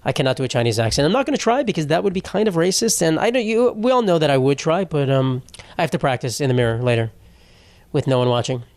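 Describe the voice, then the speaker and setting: A man's voice: on the high side, animated, fast talker, a little mellow, dry recording. A young man hosting a solo comedy podcast, rambling and sarcastic, laughing through his sentences, his throat a little sore.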